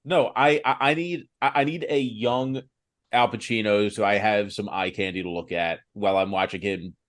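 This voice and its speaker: A man's voice: fairly low pitch, normal speed. A man co-hosting a casual film podcast, joking with frequent stammered restarts. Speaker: podcast co-host.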